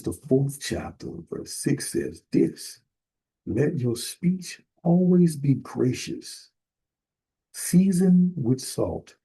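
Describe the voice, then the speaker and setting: A man ministering in a sermon, emphatic and building to sudden forceful bursts. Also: medium pitch, vocal fry, breathy edge, rough recording. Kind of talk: preaching sermon.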